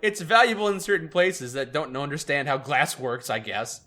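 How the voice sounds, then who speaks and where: A man hosting a casual game playthrough, joking with deadpan sarcasm and reading the narration aloud. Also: fairly high pitch, moderate pace. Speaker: let's play host.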